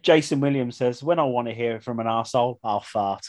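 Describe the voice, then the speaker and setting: A man's voice: mid-range voice, a little fast. A man hosting a casual podcast, reading out listener submissions and laughing often. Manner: lively, laughs often while reading out lines. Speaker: podcast host.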